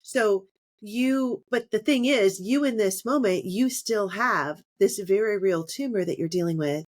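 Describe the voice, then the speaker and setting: A woman's voice: mid-range voice, measured pace. A woman podcast host interviewing a guest, supportive and encouraging with short affirmations. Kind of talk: conversational interview.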